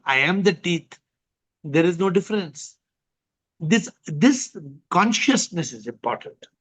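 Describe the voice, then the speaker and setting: Guy with a high voice, calm measured spiritual teaching, muffled lo-fi call audio. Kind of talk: spiritual discussion on video call. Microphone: video call. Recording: dull lo-fi video call audio.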